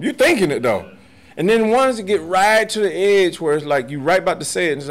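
Profane, animated man telling stories. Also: a little high, fast. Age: 40s or older. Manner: profane, animated, laughs often. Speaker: podcast guest, martial arts master. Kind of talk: casual storytelling chat.

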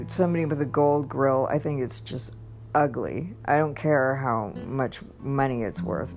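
A woman telling her personal testimony in a casual, rambling way, with many restarts and bursts of laughter. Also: lowish voice. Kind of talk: casual storytelling.

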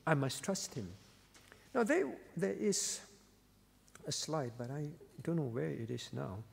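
A man's voice: fairly high pitch, very animated, a little slow, gravelly, big-room sound. A male pastor preaching a sermon, emphatic and repeating key phrases for weight.

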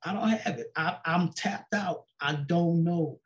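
Man retelling a story, fairly high voice. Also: a little slow, lo-fi sound. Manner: storytelling, repeats "she said" and acts out quoted dialogue. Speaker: pastor and guest. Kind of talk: personal testimony in a sit-down interview.

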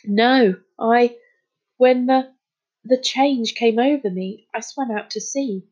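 A man's voice: extremely high pitch, a little mellow, lo-fi sound, pitched above the performer's own voice, exaggerated voice. A woman voicing an earnest schoolboy who stumbles over his words while confessing something strange, in a storybook reading. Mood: hesitant. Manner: hesitant, halting, pleading. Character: earnest boy who turns dolphin-like.

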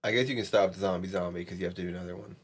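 A man's voice: low voice, steady tone, very fast, breathy edge. A man co-hosting a podcast, reading out drinking-game prompts in casual, joking chat. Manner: reads out game cards, joking. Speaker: podcast co-host.

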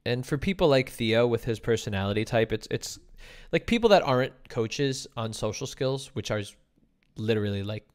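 A man hosting a casual podcast stream, talkative and quick to laugh, explaining ideas at length. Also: medium pitch. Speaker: podcast host. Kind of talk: casual livestream chat.

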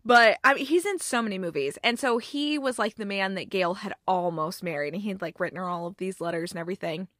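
Bright-voiced chatty woman recapping a film. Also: mid-range voice, fairly quick, few pauses, no echo, studio quality. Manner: chatty, filler-heavy, emotional. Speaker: movie reviewer. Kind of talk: casual movie recap.

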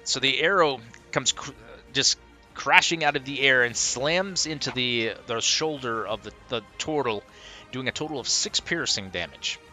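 Bright-voiced man running a tabletop game. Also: medium pitch, moderate pace, soft background music. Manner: descriptive, works out distances aloud. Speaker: game master.

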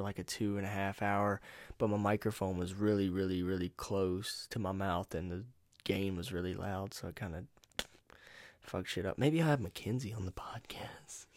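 A man's voice: low voice, darkish tone, no room sound. A man hosting his own solo podcast, rambling in a casual, profane, laid-back way into a USB microphone at home. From North Carolina. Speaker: podcast host.

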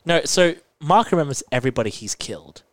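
A man's voice: a little high, lively intonation, fast, no room sound. A man co-hosting a podcast in casual chat, eagerly explaining a plot and laughing often. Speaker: podcast co-host.

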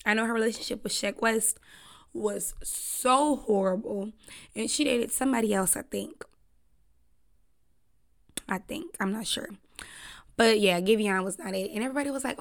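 Blunt, animated woman podcast host. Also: high-pitched. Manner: blunt, animated, swears freely, slangy. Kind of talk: casual solo podcast chat.

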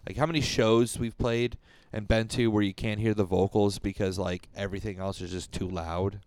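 A man with a lowish, smooth, clear voice chats casually on a music podcast. He rambles and swears, and his pitch jumps up when he gets excited. The sound is dry and close, with no room echo. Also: normal speed. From Rochester, New York. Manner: rambling, profane, animated swings in pitch. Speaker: podcast co-host. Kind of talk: casual chat.

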